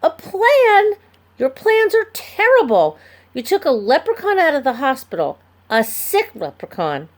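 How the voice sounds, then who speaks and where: A woman's voice: high-pitched, huge pitch swings, a little slow, pitched above the performer's own voice, exaggerated voice. A woman voicing a frantic young boy who scolds in a screechy voice, reading a storybook aloud. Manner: screechy, accusing.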